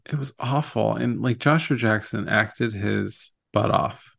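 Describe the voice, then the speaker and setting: A man's voice: lowish voice, unhurried, creaky, a bit bright. A man co-hosting a podcast, chatting casually and animatedly while recapping a TV episode and quoting its scenes. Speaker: podcast co-host.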